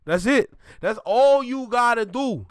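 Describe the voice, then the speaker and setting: A man's voice: extremely high pitch, animated, a little slow, no echo, clean studio sound. A man from Toronto hosting a reaction video, ranting bluntly and repeating his points for emphasis. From Toronto, Canada.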